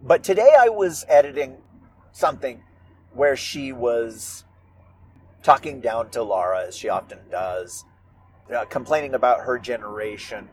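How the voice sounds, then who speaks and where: A man who writes and performs audio stories, talking about his work in a casual, reflective monologue. He muses aloud and sounds animated and amused with himself. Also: medium pitch, measured pace, slight background noise. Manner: musing, animated, self-amused.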